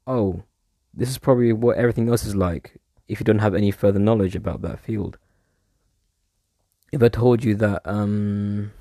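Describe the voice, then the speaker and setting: Man, casual monologue, mellow gravelly delivery, digressive and loose, dry sound. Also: on the low side, dry recording. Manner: rambling, digressive, casually swearing.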